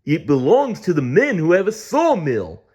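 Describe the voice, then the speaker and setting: A man's voice: fairly high pitch, wildly swooping pitch, normal speed, mellow, breathy edge, lo-fi sound, voice pushed up, full character voice. Man doing a knowing storybook animal.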